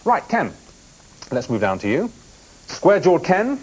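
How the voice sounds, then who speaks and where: A man's voice: high voice, huge pitch swings, measured pace, background noise. A man hosting a TV quiz show in a studio, bantering and teasing the contestants between questions. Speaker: game show host.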